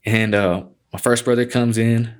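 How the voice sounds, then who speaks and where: A man's voice: mid-range voice, steady tone, normal speed. A man guest telling stories in a laid-back, casual way, filling his talk with "man" and cuss words. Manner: laid-back, peppers speech with "man" and cussing. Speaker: guest, MMA fighter. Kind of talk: casual storytelling.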